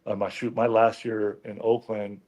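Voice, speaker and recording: A man's voice: lowish voice, little pitch movement, normal speed, lo-fi sound. A middle-aged man, a former football lineman turned coach, telling stories as a guest in a casual interview, chatty and full of fillers. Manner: storytelling, chatty with many fillers.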